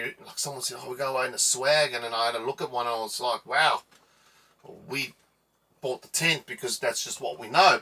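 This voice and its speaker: Bright-voiced South African man, jokey. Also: mid-range voice, distant mic. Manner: jokey and rambling. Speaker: co-host. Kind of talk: casual chat.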